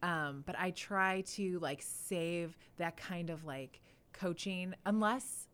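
A woman in her thirties co-hosts a casual podcast chat. She explains things in a gentle, thoughtful way, and her voice sits quite low. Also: takes it slowly, clean tone. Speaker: podcast co-host.

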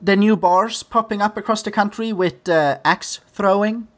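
A man co-hosting a casual podcast, joking wryly in a deadpan way. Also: high voice, moderate pace. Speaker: podcast co-host.

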